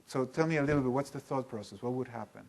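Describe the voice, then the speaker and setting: A man leading a live seminar in a room with an audience, talking in an animated, emphatic way and putting questions to the listeners. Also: mid-range voice, fast talker, vocal fry. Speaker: workshop teacher.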